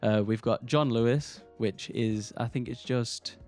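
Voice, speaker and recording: A man's voice: medium pitch, measured pace, darkish tone, faint music behind. A man from the UK co-hosting a podcast, chatting casually, often restarting his sentences and swearing offhandedly. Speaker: podcast co-host. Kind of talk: casual chat.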